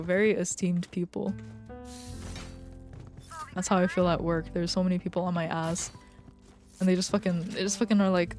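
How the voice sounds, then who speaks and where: A woman's voice: mid-range voice, darkish tone. A young woman streamer chatting casually with her viewers, swearing freely and venting, with faint music behind her.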